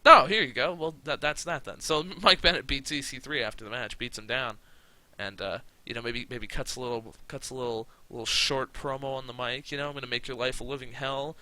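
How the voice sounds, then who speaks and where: A man's voice: medium pitch, brisk, pushed and bright. A man hosting casual let's-play commentary, rambling with fillers, swearing and frequent laughs. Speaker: gaming channel host.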